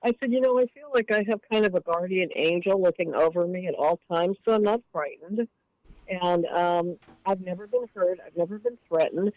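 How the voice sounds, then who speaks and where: A woman's voice: lowish voice, normal speed, no room sound, highs cut off. Chatty woman caller telling a story. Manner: chatty, animated when quoting others. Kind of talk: late-night call-in storytelling.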